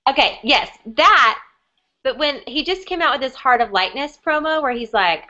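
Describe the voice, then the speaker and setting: A young woman co-hosts a casual fan chat on a live stream, joking wryly while sounding a little tired and under the weather. Her voice is high and animated with a sharp edge, moving at an ordinary pace. The webcam audio is dull and lo-fi.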